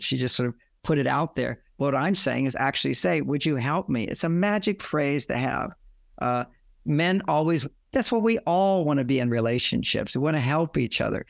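Gravelly-voiced man giving relationship advice. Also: medium pitch, dry recording, studio quality. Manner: rambling, acts out quoted lines. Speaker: relationship author and guest. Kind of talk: advice talk.

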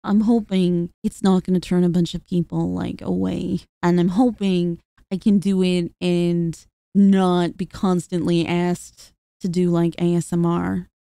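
Slow, mellow-voiced young woman streamer. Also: on the low side, little pitch movement, vocal fry, smooth, dry recording, clean studio sound. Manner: rambling and hesitant, many fillers and laughs. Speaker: VTuber streamer. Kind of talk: casual talk to camera.

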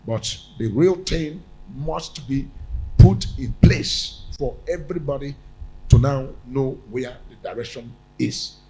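Male prophet-preacher, slightly high voice, emphatic and repetitive, stammers on restarts. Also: creaky, a little mellow, rough recording. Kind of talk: sermon.

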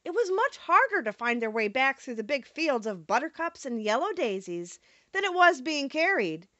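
A woman narrating a storybook audiobook in an expressive reading manner. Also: high-pitched, normal speed, no room sound, dull audio.

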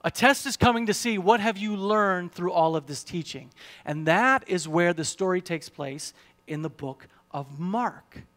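A man's voice: high-pitched, measured pace, a bit bright. A male pastor, preaching a sermon full of rhetorical questions and rising emphasis.

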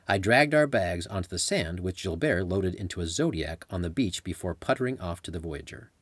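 A man reads his travel memoir aloud in a conversational storytelling way. His voice is low and a little husky, with lively rises and falls. The recording is dry and close. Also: dry recording. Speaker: author and narrator. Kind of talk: audiobook memoir narration.

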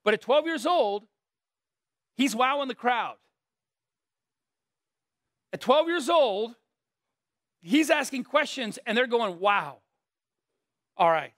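A middle-aged male pastor with a fairly high voice, preaching in a relaxed, conversational way. He moves between earnest points and playful, self-mocking stories. The sound is dry and close, with no room echo. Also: takes it slowly, long pauses. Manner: earnest, with joking asides and self-deprecating stories. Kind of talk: conversational sermon.

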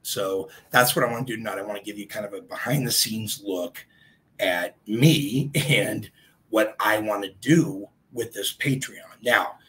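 A man with a lowish voice hosts a casual live stream, rambling along and greeting viewers by name. His voice sounds a little congested and hoarse. He talks into a streaming mic at his desk. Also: a little slow, fairly bright tone, poor audio.

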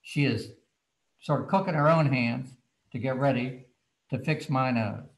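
Animated man telling a story. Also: mid-range voice, a little slow, rough recording. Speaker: children's book author guest. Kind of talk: casual storytelling.

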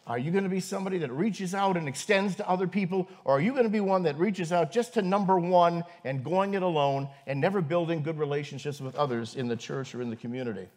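A man's voice: on the high side, darkish tone. Earnest man preaching a sermon. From northern United States. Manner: earnest preaching with pauses and fillers, rising for emphasis. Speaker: pastor. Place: church congregation.

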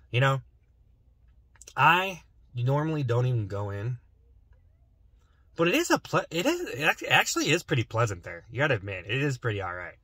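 A man's voice: medium pitch, pushed and bright, slightly rough, no room sound. A young man rambling and joking to camera while sitting in his parked car. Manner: rambling, joking, mumbles asides. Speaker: vlogger. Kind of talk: rambling comedic car vlog.

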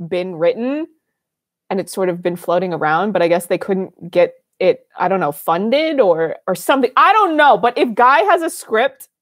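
A young woman giving casual watch-party commentary on a film, excitable and gushing, laughing often. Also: mid-range voice, no echo, studio quality.

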